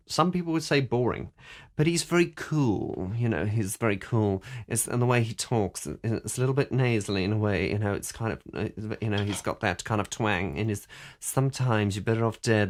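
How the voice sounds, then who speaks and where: A male vocal coach talking casually through a singer's technique, rambling with frequent restarts and breaking off to sing examples. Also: on the low side. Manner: rambling with many restarts, breaks into sung demonstrations. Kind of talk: casual analytical monologue about singing.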